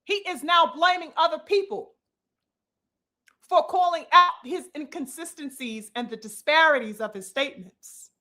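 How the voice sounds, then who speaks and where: A woman's voice: high voice, moderate pace, bright, forceful tone. A woman giving a heated, profane commentary monologue with emphatic delivery and frequent "you know" fillers. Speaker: boxing commentator.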